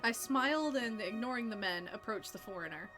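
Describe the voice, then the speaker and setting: A woman streamer reading a story game aloud and chatting with viewers in a lively way, laughing between passages. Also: fairly high pitch, fairly quick, music in the background.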